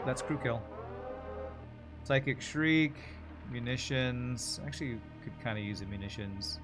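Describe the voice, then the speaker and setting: A man's voice: mid-range voice, fairly even intonation, measured pace, over music. A man streaming a video game, chatting casually and answering viewer questions while he plays. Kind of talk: casual gameplay commentary.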